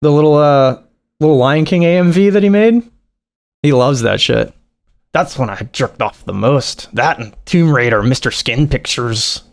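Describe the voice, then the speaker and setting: A man's voice: medium pitch, normal speed, gravelly. A man doing profane, mocking reaction commentary over a video. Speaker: reaction streamer.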